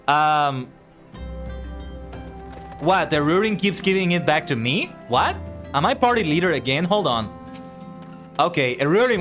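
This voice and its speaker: A man streaming live, chatting casually with his viewers and reading their messages aloud as he answers them. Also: on the high side. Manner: animated, reads and answers chat aloud.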